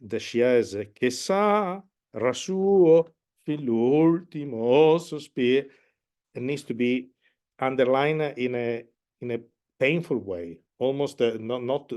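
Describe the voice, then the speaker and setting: Slow, hesitant man explaining opera. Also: medium pitch, a little mellow. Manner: hesitant, many fillers, sings and hums musical phrases. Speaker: opera conductor teaching a masterclass. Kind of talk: masterclass explanation.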